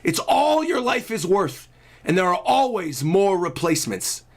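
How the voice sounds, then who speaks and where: A hulking tyrant dragon warlord, as a man puts him on while reading a manga aloud, slow and deliberate, dropping his voice into a low, drawn-out growl. He sounds menacing and sure of his power. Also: sing-song, gravelly, heavily acted. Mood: tyrannical.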